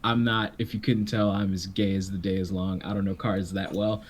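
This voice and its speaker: A man's voice: deep voice, level tone, normal speed, husky. A man running a tabletop game as game master, narrating casually and correcting himself as he goes.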